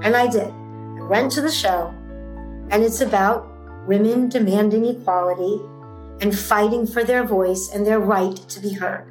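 A woman's voice: mid-range voice, fairly even intonation, moderate pace, a little mellow. Emphatic woman guest in an echoey room. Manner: emphatic, intense, repeats for force. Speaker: entrepreneur guest. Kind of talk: emotional personal storytelling. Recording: roomy echo with faint music.

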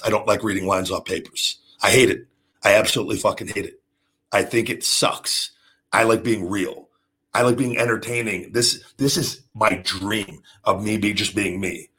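A brash man talks to his audience in a gravelly, husky voice, cursing freely. He hosts the show himself and speaks off the cuff about wrestling. He acts out moves with building energy. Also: fairly low pitch, fairly bright tone. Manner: profane, brash, swears constantly. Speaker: podcast host and pro wrestler. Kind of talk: unscripted solo talk.

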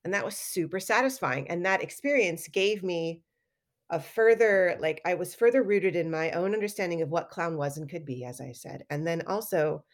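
A middle-aged woman telling stories in a casual interview, animated and acting out quoted lines with laughter. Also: on the low side, normal speed. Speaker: guest artist and educator.

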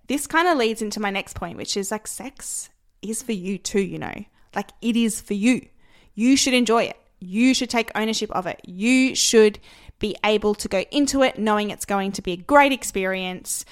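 A woman's voice: medium pitch, fairly bright tone, smooth. A young adult woman hosting a solo podcast, talking candidly and casually, full of "like" and "you know". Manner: chatty and candid, many "like" and "you know" fillers. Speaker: podcast host.

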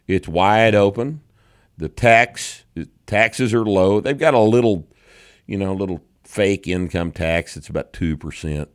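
A man with a very low voice talks as a podcast host, blunt and sure of his opinions, swearing casually. The sound is close and dry with no room around it. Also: no room sound. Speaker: show host.

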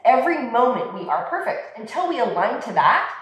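A mother talking in a relaxed podcast chat, lively and expressive, often acting out the voices of people she quotes. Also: on the high side, a little fast. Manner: animated, acts out quoted voices. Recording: echoey room with long reverb.

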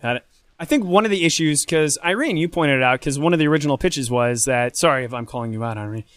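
Male podcast host, chatty and laughing, slightly high voice, dry close sound. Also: quick pace, a bit bright, no echo. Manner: chatty, laughs often, asks the audience questions. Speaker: podcast host and game publisher. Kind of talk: live panel podcast chat.

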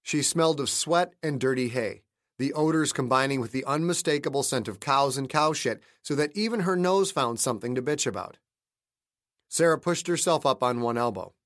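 A man narrating a thriller audiobook he wrote, in a steady, measured storytelling manner. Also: mid-range voice, no room sound, clean studio sound. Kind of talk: scripted narration.

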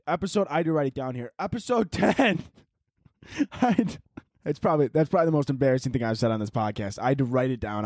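A man's voice: on the high side, darkish tone, no room sound, clean studio sound. A young man hosting a solo podcast, rambling casually and mocking himself, swearing as he goes. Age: young adult. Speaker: podcast host.

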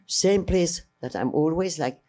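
This older woman's voice is warm and low-pitched, and she talks a little slowly. Being interviewed as a filmmaker, the native French speaker tells rambling, spirited stories from memory, often restarting mid-phrase and imitating other people's speech.

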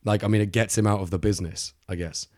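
A man's voice: fairly low pitch, fairly even intonation, fast, a little mellow, dry recording, studio quality. A man co-hosting a true-crime podcast, telling the story in a chatty, laughing way with lots of fillers. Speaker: podcast co-host.

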